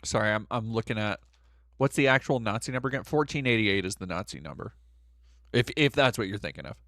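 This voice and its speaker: Profane, animated male streamer, dry sound. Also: on the low side, fast talker, no echo. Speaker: streamer host. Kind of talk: casual live-stream rant.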